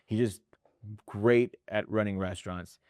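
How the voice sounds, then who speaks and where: A man with a lowish voice hosts a podcast in a casual, talky way. He speaks with emphatic intensity, keeps checking in with "right?", and leans on mild swearing for emphasis. The recording is dry and close. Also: steady tone, unhurried, a little mellow, no echo. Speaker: podcast host and restaurant consultant. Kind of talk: casual interview talk.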